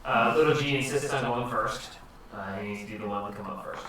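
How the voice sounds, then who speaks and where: A man narrating a tabletop game as game master, in an animated way. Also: mid-range voice, a little fast, slight background noise. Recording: echoey room, far from mic.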